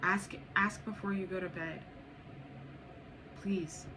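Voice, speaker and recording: A woman's voice: medium pitch, fairly even intonation, takes it slowly. A woman giving a spiritual tarot reading to viewers, blunt and profane, urging and repeating herself. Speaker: tarot reader. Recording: noisy background.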